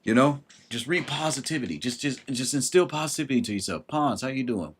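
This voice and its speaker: Male livestream host, husky, blunt and emphatic, casual advice talk. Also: mid-range voice, animated, brisk. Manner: blunt and emphatic, swears, greets viewers by name.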